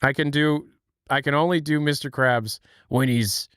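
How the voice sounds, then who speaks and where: A man co-hosting a casual livestream chat who tells stories in an animated, playful way. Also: fairly high pitch, normal speed, clear, resonant tone, dry recording, studio quality. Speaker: co-host.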